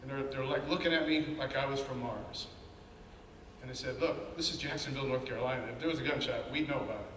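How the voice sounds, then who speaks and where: A man's voice: mid-range voice, steady tone, quick pace, fairly bright tone, slight background noise. A man giving an earnest, candid talk about his own life, acting out the voices in his head as he tells it. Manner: candid, earnest storytelling with quoted inner voices. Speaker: speaker sharing his story. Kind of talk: personal testimony talk. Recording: echoey hall, mic at a distance.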